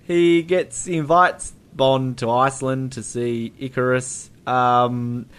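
A man's voice: mid-range voice, steady tone, slow pace, a bit bright, smooth. A man co-hosting a casual film review chat, rambling with many ums and slipping into playful impressions. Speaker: podcast co-host.

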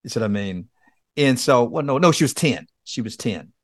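Speaking in a mid-range, animated voice at a brisk clip, a podcast guest who works as a men's coach gives conversational testimony. He tells a personal story earnestly and acts out the pleas he once made. The studio-quality recording has no echo.

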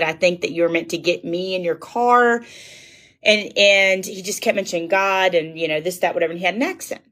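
Woman, public speaker, rambling casual storytelling, fairly low voice. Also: a bit bright. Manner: chatty, rambling, addresses listeners as y'all.

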